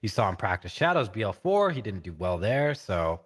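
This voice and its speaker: Low-voiced man guest commentator, easygoing teasing, poses questions. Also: big pitch swings, moderate pace, breathy edge. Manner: laid-back, teasing, asks co-hosts questions. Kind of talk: casual live game commentary.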